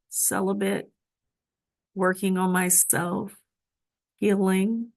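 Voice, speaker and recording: Slow gravelly woman telling her story. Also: medium pitch, a little mellow. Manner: emotional, dramatic retelling with voiced quotes. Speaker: guest. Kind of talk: personal storytelling.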